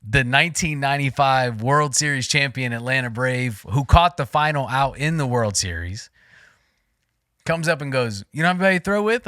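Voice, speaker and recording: This man in his forties has a bright, forceful voice and tells his story loosely, piling up fillers and restarts as his excitement builds. He sounds close and dry, with no room around him, in a relaxed podcast chat. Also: mid-range voice, no echo. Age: 40s. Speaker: podcast co-host.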